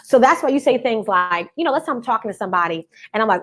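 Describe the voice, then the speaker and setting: A woman with a fairly high voice coaching business owners on a live stream. She talks with a lot of energy and repeats her points to drive them home. She keeps calling on her viewers to answer back, with traces of in her speech. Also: quick pace, few pauses. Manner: energetic, call-and-response, repeats for emphasis.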